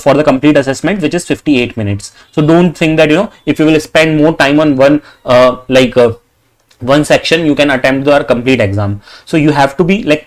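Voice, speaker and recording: A man with an Indian English accent tutoring exam prep, dictating sample sentences slowly and saying "okay" often. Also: fairly high pitch. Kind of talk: tutorial narration over screen.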